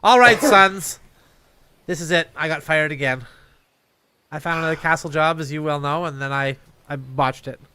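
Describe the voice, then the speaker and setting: A man's voice: on the high side, normal speed, long pauses, pushed and bright, smooth. An improv performer playing a down-on-his-luck father who keeps losing jobs, sheepish and resigned. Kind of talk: improv comedy scene.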